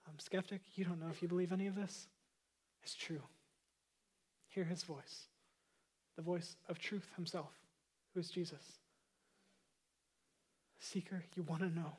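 Earnest pastor with repeated emphatic phrases. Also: male voice, high voice, a little mellow. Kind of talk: sermon.

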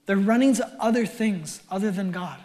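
A male pastor delivering a sermon in a conversational way. He drops in dry, wry asides. His voice climbs and grows loud in places, then sinks almost to a whisper. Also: high voice, moderate pace.

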